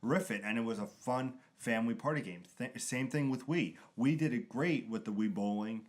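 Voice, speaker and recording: A man with a mid-range voice co-hosts a casual gaming talk. He rambles through stories and examples and acts out quick quotes along the way. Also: medium pitch. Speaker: podcast co-host. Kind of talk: casual chat.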